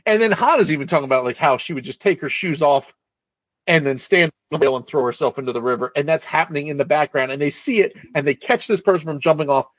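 A man retells a film's story in a loose, rambling way, with a slightly raised pitch and freely dropped swear words. The sound is dry and close, with little room around it. He talks like a co-host chatting casually. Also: expressive, quick pace, no echo. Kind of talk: casual film recap chat.

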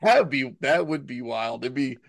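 A man's voice: medium pitch, expressive, normal speed, creaky, dry recording, clean studio sound. A man co-hosting a casual podcast, chatting about movies in a playful, teasing way. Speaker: podcast co-host. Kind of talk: casual movie-review chat.

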